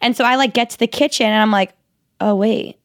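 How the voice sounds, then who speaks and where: A young woman co-hosting a podcast, telling a story in lively casual chat and acting out quotes with squeals. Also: a little high, racing, clean tone, no echo, studio quality. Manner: animated, acts out quotes in a squealing voice. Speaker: podcast co-host.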